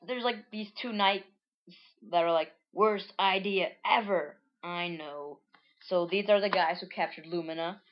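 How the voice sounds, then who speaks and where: A woman's voice: fairly low pitch, lo-fi sound. Rambling woman reading her old comic. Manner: rambling, filler-heavy, lots of "like". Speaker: reader of her own childhood comic. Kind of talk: casual storytelling read-through.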